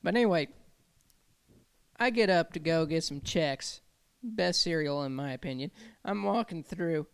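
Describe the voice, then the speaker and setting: A man co-hosting a podcast, relaxed as he tells his story and laughs between lines. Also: fairly high pitch, measured pace, gravelly, long pauses, clean tone. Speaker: podcast co-host. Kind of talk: casual chat, telling ghost stories.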